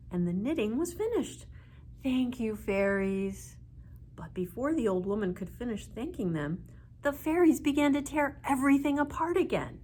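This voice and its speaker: Lively woman reading a children's story. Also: on the high side, breathy edge. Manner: expressive, playful sound words. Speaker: children's librarian. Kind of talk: children's read-aloud.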